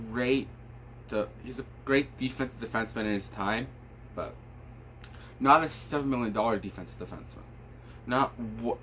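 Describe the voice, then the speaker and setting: A man's voice: lowish voice, fairly bright tone, a little hiss or hum. Rambling man giving hockey opinions. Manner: rambling, frequent fillers and restarts. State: tired, yawning. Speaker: hockey commentator. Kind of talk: casual unscripted opinion video.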